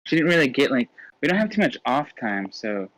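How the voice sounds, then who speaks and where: A man chats casually as a podcast guest, laughing often while he tells his stories. His voice sits at an ordinary middle pitch. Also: big pitch swings, fairly quick, a bit bright, low-quality recording. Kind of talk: casual chat.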